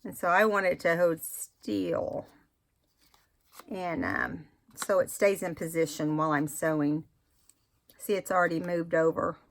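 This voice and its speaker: Slow, chatty woman crafting on camera. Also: lowish voice, lively intonation, creaky. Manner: chatty, self-correcting, talks to viewers while working. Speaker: craft video host. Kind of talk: casual crafting tutorial.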